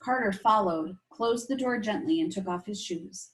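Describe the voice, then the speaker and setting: A woman teacher reading a chapter book aloud to her class, expressive and stopping to explain things to the children. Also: medium pitch, normal speed, rough recording. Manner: expressive, asides to young listeners.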